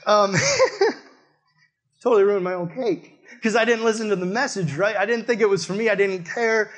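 A man's voice: sits high, fairly even intonation, normal speed, a bit bright. A man preaching a sermon in a conversational, emphatic way, speaking straight to his listeners.

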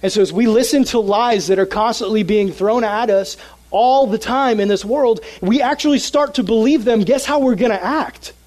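A young man preaching to a youth group, telling a story with lively, animated energy. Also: high-pitched, normal speed, poor audio. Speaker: youth pastor. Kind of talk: sermon with a personal story.

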